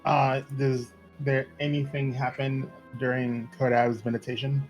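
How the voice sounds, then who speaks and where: A man playing in a tabletop game, talking slowly and hesitantly. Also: medium pitch, flat delivery, faint music behind. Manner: slow, hesitant, many fillers. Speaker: player. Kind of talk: casual chat in a tabletop game.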